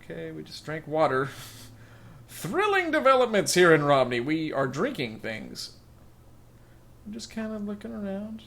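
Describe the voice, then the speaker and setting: A man's voice: fairly high pitch, big pitch swings, a little slow, creaky, pauses often, a bit bright, slight background noise. A man hosting a let's play, reading game text and making rambling, wry, joking asides in sarcastic commentary. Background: faint game music.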